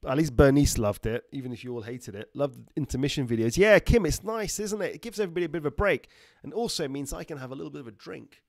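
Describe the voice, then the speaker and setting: A man's voice: fairly high pitch, expressive, quick pace, gravelly, no room sound, studio quality. A middle-aged man, a doctor hosting a casual livestream, chatting loosely, laughing often and reading out viewer comments. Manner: chatty, laughs often, slips into joke accents.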